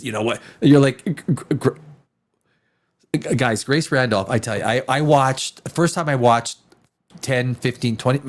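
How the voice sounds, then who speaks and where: Animated, profane male live-stream host. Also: medium pitch. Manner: profane, rambling, animated, with many restarts. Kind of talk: casual live-stream chat.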